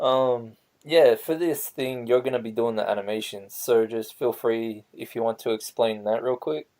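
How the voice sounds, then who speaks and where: A male interviewer with a mid-pitched voice who keeps the chat loose and casual. He jokes as he asks his questions and throws in crude asides. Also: fairly even intonation, normal speed, darkish tone. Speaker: interviewer, channel host.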